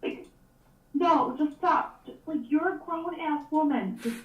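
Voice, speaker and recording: A woman with a high voice, still getting over a cold, talks bluntly in casual podcast chat. The sound is muffled and roomy, with her set back from the mic. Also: unhurried, far from the mic. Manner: blunt, exasperated.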